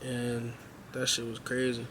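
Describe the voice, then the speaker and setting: A young man telling a casual storytime vlog, slangy and animated, acting out what people said with raised voices. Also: medium pitch, a little slow, a little hiss or hum. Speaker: storyteller host.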